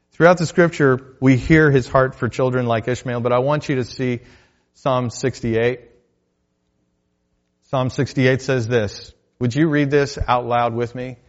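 A male pastor delivering a sermon, moving between loud declarations and quiet, hushed asides. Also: mid-range voice, highs cut off.

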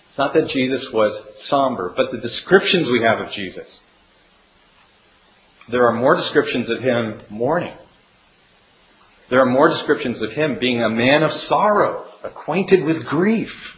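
A man preaching a sermon as pastor, speaking earnestly and swinging between emphatic rises and hushed, drawn-out drops. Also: mid-range voice, lively intonation. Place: church sanctuary. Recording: echoey room with faint hiss.

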